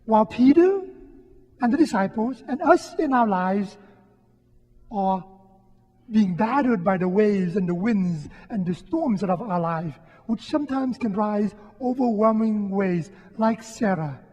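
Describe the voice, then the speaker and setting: A priest delivers a homily in a soft, husky, mellow voice. He speaks gently and reflectively, pausing often. The sound rings with the long reverb of a church. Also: high-pitched, expressive. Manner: gentle, reflective, with frequent pauses. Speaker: Catholic priest giving a homily. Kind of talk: sermon. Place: church during Mass.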